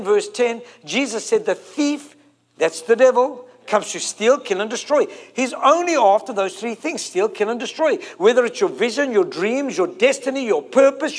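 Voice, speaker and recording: This South African preacher in his forties has a notably high voice. His sermon is emphatic, with key phrases repeated and drawn out.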